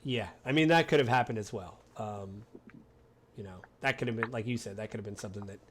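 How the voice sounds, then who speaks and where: A man's voice: on the low side, fast talker, a little hiss or hum. Rambling American man chatting casually. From United States. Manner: rambling, acts out quotes in animated voices. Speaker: podcast host. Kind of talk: casual chat.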